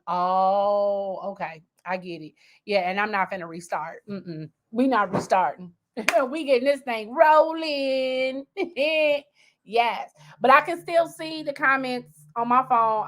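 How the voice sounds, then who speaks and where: A woman hosting a casual livestream from home, chatty and excitable, talking straight to her viewers. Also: mid-range voice. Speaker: livestream host.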